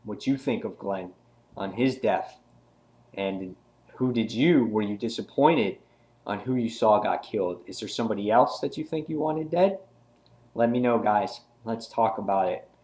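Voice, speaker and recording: A man reviewing a comic book in a casual video, retelling scenes excitedly with many restarts. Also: lowish voice, moderate pace.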